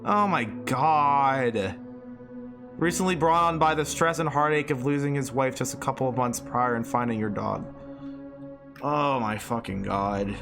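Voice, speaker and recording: A young man streaming a game, chatting casually, reading its text aloud, swearing and reacting emotionally. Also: medium pitch.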